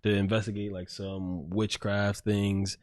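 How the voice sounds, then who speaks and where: A man's voice: lowish voice, level tone, unhurried, no room sound, clean studio sound. A man hosting a podcast, recounting a story in a rambling, casual way with lots of filler words and swearing. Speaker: podcast host. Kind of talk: casual chat.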